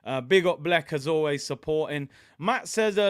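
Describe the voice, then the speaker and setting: A man with a London accent hosts a casual live watch-along, talking in an animated, chatty way as he reads viewer comments aloud. His voice sits a little higher than most men's. The sound is dry, with no room echo. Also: normal speed, few pauses. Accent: London English. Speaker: host.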